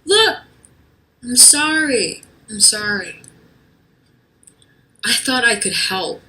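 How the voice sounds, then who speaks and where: A woman voicing a pushy, excitable teenage girl, talking in breathy eager whispers and bright outbursts. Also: a little high, slow, pitched above the performer's own voice, full character voice.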